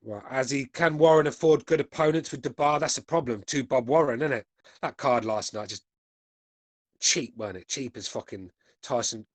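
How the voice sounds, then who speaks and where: Reading comments from his chat, a British podcast host in his forties speaks at normal speed and medium pitch. The recording has no room sound, and his casual chat is blunt and full of swearing.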